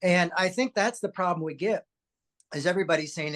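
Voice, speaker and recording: Animated, anecdotal podcast host. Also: medium pitch, brisk. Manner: animated anecdotal storytelling with repeated words. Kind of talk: podcast conversation, personal storytelling.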